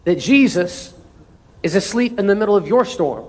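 A man with a high voice for his sex preaches to his congregation. He drives home his points by repeating them and calls on the listeners to answer back. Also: expressive, normal speed, a little mellow. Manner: emphatic preaching with call-and-response. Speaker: pastor. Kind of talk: sermon.

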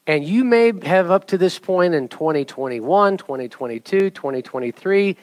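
A middle-aged man preaches to his church, walking the congregation through a hands-on object lesson. His voice sits high for a man, and he talks with a playful, joking energy that climbs into emphatic urging. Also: normal speed, no echo. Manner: animated, jokey, rising to emphatic exhortation. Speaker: pastor.

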